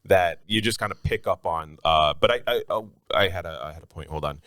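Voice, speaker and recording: A man's voice: deep voice, brisk, fairly bright tone, no room sound. A man as a podcast guest in casual chat, rambling and restarting his thoughts while talking about a film. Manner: rambling, restarts thoughts, swings up when amused.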